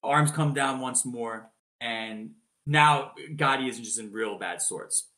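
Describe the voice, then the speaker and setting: A man with a bright, forceful voice narrates a boxing match for his podcast co-hosts. He talks casually, swears freely and keeps the story moving with plenty of energy. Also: medium pitch, takes it slowly. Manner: animated, swears freely, acts out announcers' shouted calls.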